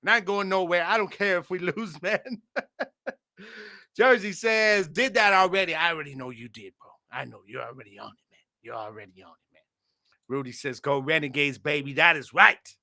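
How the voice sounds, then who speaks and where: An energetic man hosts a live-streamed sports podcast, chatting loosely with his viewers and laughing often. His voice is bright and forceful, pitched a little high. It sounds close and dry on a studio microphone. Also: dry recording. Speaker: podcast host. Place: home studio.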